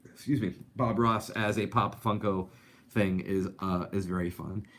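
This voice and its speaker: A man's voice: on the low side, fairly even intonation, measured pace, a bit bright. A man hosting a live animation talk show, chatting casually and reading out viewer comments with lots of fillers. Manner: chatty, upbeat, rambling with many fillers.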